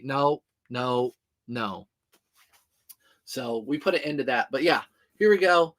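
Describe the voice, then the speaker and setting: Thirtysomething guy with a slightly high voice, rambling through orders on a live stream, answering chat. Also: expressive, unhurried, pauses often. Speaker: eBay reseller streaming to viewers. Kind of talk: casual livestream chat while packing orders.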